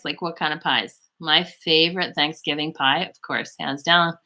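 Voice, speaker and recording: A woman's voice: deep voice, fairly even intonation, normal speed, pushed and bright. A woman hosting a beauty live stream, chatting casually and answering viewers' chat messages in a rambling, friendly way. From Canada.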